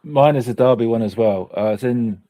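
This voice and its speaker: A man's voice: medium pitch, fairly quick, mellow, dry recording. A man co-hosting a football podcast, telling a story in a dry, understated way. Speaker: podcast co-host. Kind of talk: casual storytelling.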